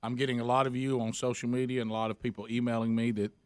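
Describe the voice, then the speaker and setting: A man hosts a talk radio show from a studio microphone. His voice sits at a middle pitch, and the room sound is close and dry. He tells stories casually and does the voices of the people in them. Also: level tone, very fast, a little mellow, clear, resonant tone, dry recording.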